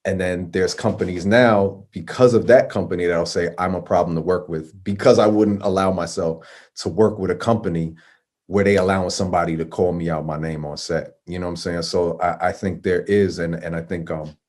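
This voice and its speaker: A man's voice: low-pitched, fairly even intonation, fairly quick, darkish tone. A man speaking as a panelist in a casual discussion, earnest, often asking "you know what I'm saying".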